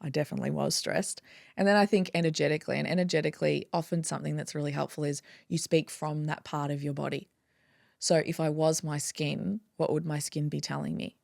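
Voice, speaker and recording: A woman chiropractor talking in a casual interview, animated and acting out her own inner dialogue. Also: deep voice, a little fast, vocal fry, dry recording, clean studio sound. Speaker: guest, chiropractor.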